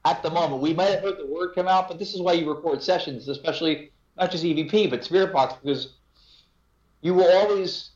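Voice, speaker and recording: A man, a paranormal investigator casually recounting his investigation as an animated storyteller. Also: a little high, fairly quick. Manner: animated storyteller who laughs at his own tale. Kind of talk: casual podcast conversation. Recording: echoey, dull lo-fi remote audio.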